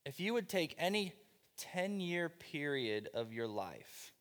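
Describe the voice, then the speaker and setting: A man preaching a sermon with passion, repeating phrases and swinging between loud pleading and quiet, low lines. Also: very animated, slow pace, long reverb tail. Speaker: pastor.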